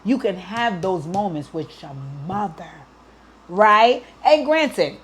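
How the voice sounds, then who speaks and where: A woman's voice: mid-range voice, very animated, takes it slowly. A woman hosting an advice show, speaking earnestly and emotionally to a worried mother, close to tears at times and often checking in with "right?". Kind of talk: heartfelt advice talk to a listener.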